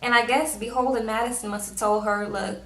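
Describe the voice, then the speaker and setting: A woman's voice: a little high, steady tone, a little fast. A young woman from Louisiana, sassily recapping a TV episode in casual chat and acting out the characters' lines. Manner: chatty and sassy, acts out characters' lines. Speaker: TV recap vlogger. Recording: echoey room.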